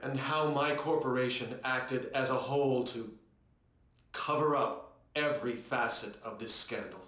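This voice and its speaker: An actor playing a male company chief giving a press conference, speaking in a flat, robotic way. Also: medium pitch, a little slow, roomy sound, close to an everyday voice. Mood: stiff, formal.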